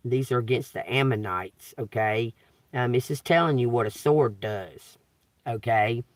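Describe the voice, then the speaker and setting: A man's voice: medium pitch, a little slow, dry recording. A man, reading scripture on a tarot livestream and riffing on it casually, asking "okay?" over and over. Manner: reads scripture then riffs casually, repeats "okay?" often; emphatic, swears and laughs while preaching. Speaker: tarot reader.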